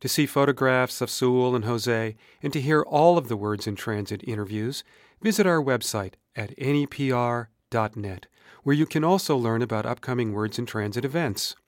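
A male podcast host reading a scripted outro in a measured announcer manner. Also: medium pitch, no echo, clean studio sound. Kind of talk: scripted radio narration.

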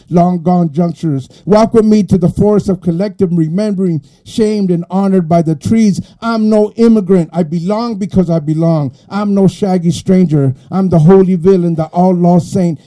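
A middle-aged poet with an East Los Angeles Chicano accent, giving a live reading. His voice sits a little high for a man yet sounds very dark and mellow. He swings from quiet, halting asides to forceful, rhythmic declaiming. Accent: East Los Angeles Chicano English. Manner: soft and halting when chatting, rising to forceful rhythmic declaiming in the poem.

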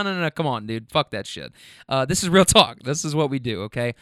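Young male podcast host, slightly high and smooth voice, loose, profane storyteller, dry close sound. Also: animated, normal speed, bright, forceful tone, no room sound. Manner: rambling, profane, keeps checking in with listeners. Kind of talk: casual storytelling.

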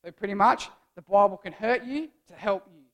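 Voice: mid-range voice, a little fast, a bit bright. A young adult giving a casual, jokey youth sermon as a church speaker, rambling and playful.

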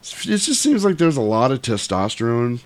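Animated comic storyteller, profane, dry close sound. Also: male voice, mid-range voice, moderate pace, no room sound. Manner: profane, animated, lots of voices. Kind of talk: comedic casual retelling.

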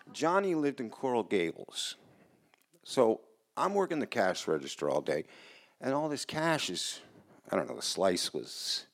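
A man telling a personal story live on stage in a casual, rambling way, swearing and restarting his sentences. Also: fairly low pitch. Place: small hall in front of a live audience.

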